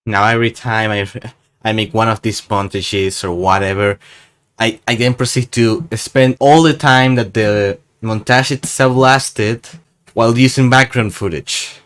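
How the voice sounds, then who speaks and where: A man's voice: fairly low pitch, steady tone, measured pace, fairly bright tone, smooth. A young man from Spain, chatting casually in a travel vlog in a rambling, self-mocking, jokey way. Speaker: gaming YouTuber.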